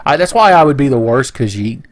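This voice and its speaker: A man's voice: medium pitch, very animated, a little fast. A man giving crude, rambling commentary over his own gameplay. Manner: rambling, crude jokes, mock voices for enemies. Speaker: gaming video host.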